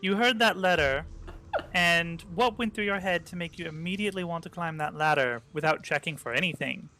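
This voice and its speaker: A man's voice: fairly high pitch, brisk, bright, forceful tone. A man playing at a tabletop game, dry and teasing. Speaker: player. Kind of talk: casual chat at a gaming table.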